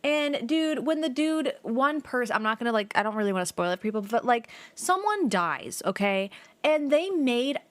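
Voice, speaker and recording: Her voice is a little high and her pace normal as this young woman plays a video game on stream, spinning rambling, animated stories full of "like" with an occasional swear. There's no echo.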